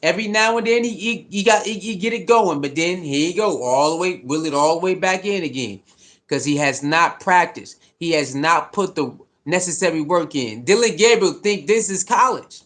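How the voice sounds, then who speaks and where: A man's voice: fairly high pitch, normal speed, fairly bright tone. A man delivering a heated, profane sports commentary rant, repeating his points with mounting frustration. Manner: fired-up, profane, repetitive.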